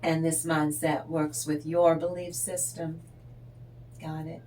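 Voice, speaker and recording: Woman tarot host, slow and rambling; a lower voice, unhurried chat to her viewers. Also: slight background noise. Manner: rambling, chatty and wandering off topic. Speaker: tarot reader and channel host. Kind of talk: casual spiritual talk to viewers.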